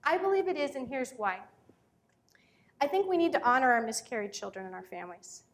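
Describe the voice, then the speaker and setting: A woman's voice: high voice, lively intonation, fairly quick. A woman in her thirties giving an earnest talk on parenting, telling personal stories and turning emotional. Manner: earnest, storytelling, turns emotional. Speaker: speaker on parenting.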